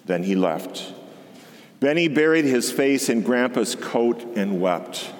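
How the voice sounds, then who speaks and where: A man, a deacon, reads a storybook aloud in an expressive, unhurried way. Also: mid-range voice. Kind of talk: storybook reading. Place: church. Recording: long church reverb.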